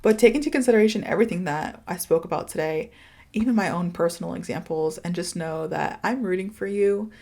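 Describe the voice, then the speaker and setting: A woman's voice: on the low side, a little fast, mellow. A woman in her thirties from the United States, hosting a podcast and speaking candidly in a confiding, casual way, with lots of "like" and "you know". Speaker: podcast host and English teacher.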